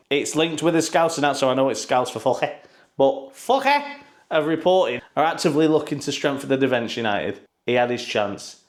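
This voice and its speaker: A man giving casual, sarcastic football news commentary, full of swearing and mocking asides. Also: mid-range voice.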